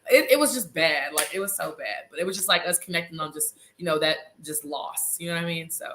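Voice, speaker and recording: A woman in her thirties, bright and forceful in tone, recounting a story with lots of drama and casual asides to her viewers. She talks on a video call with an easy, chatty flow. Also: fairly low pitch, a little fast, a little hiss or hum. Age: 30s. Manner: animated, dramatic, addresses audience as y'all. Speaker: reality show cast member, guest; nurse.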